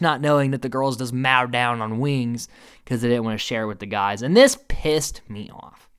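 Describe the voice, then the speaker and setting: A man giving a casual, opinionated recap commentary, animated and swearing, with many fillers. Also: medium pitch, normal speed, clean tone.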